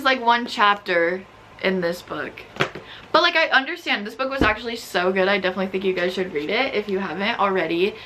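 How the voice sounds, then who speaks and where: A young woman talks straight to camera about books, animated and exasperated, with "like" in almost every phrase. Her voice is bright and forward, and a faint hiss of room noise sits under it. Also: medium pitch. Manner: animated, exasperated, filler-heavy with frequent "like". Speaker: book vlogger. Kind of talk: casual ranting book review.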